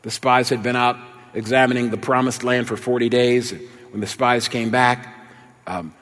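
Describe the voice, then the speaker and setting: A man preaching a sermon, telling a childhood story in an animated, folksy way before listing scripture references. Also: medium pitch, moderate pace. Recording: long hall reverb.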